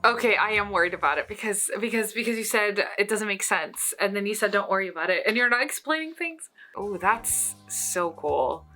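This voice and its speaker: A young woman vlogging as she follows a painting tutorial, chatty, playful and excitable. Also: mid-range voice, normal speed, soft background music. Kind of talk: casual reaction commentary.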